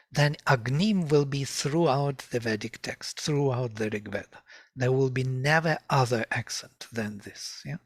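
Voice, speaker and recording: Slow, deliberate male teacher. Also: medium pitch, dry recording, studio quality. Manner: slow, deliberate, chants verses in measured rhythm. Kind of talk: lecture on ancient scripture with chanted verses.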